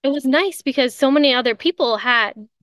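A woman's voice: high voice, fairly quick, fairly bright tone, no room sound, studio quality. A woman hosting a podcast in a casual confessional monologue, candid and emphatic, swearing freely. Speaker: podcast host.

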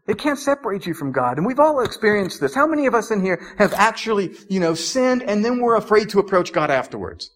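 A man's voice: high-pitched, expressive, quick pace, fairly bright tone. A young adult man preaching a sermon as pastor in a conversational way, with frequent "like"s and restarts.

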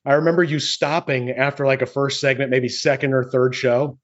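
A man's voice: mid-range voice, level tone. A middle-aged man, a longtime radio host, chatting casually and often repeating words as he tells stories. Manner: halting, repeats words, storytelling. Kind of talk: casual chat. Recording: dull lo-fi sound.

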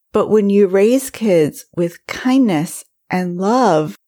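A woman in her forties hosting a solo podcast, telling stories in a warm, chatty way. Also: lowish voice. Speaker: podcast host. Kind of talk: casual solo podcast talk.

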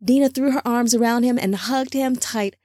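A woman narrating an audiobook in a steady storytelling manner. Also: on the high side, moderate pace, no echo, clean studio sound.

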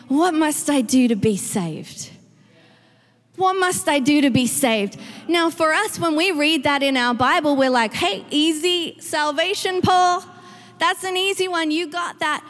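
High-voiced woman preaching in a reverberant church. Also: a bit bright. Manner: preaching with rising emphatic outbursts. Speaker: pastor. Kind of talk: sermon. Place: church sanctuary. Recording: long reverb with faint music.

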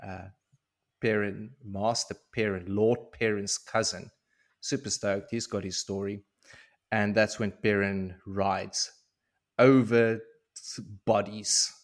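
A man co-hosting a podcast, casually recapping a book chapter as an animated, slangy storyteller. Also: fairly low pitch, slow. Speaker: podcast co-host.

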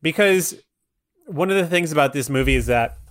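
A man's voice: on the high side, lively intonation, normal speed. A young man co-hosting a casual film podcast, easygoing and chuckling, with lots of fillers. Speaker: podcast co-host. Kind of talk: casual movie review chat.

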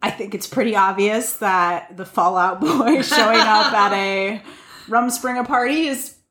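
A woman co-hosting a casual podcast chat, making measured, wry remarks. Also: mid-range voice, fairly bright tone. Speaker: podcast co-host.

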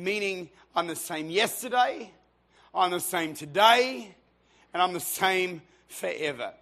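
A man preaching a sermon in church, moving from quiet storytelling to fervent, shouted exhortation. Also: high voice, sing-song, measured pace, vocal fry. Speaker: pastor.

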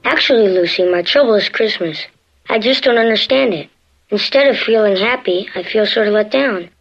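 A woman's voice: mid-range voice, normal speed, lightly acted. A woman voicing a gloomy, uncertain young boy who talks in a glum, hesitant way, in a clip from a cartoon special. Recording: dull clip with faint music.

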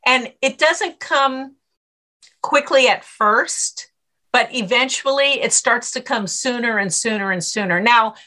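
A middle-aged woman, a stress coach, answering interview questions and telling lively anecdotes in which she acts out her own inner voice. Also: a little high. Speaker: author and stress coach guest.

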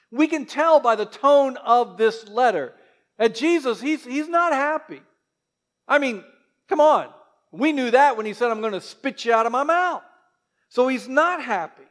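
A man preaching a sermon as pastor, lively, with joking asides to the congregation. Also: very high voice.

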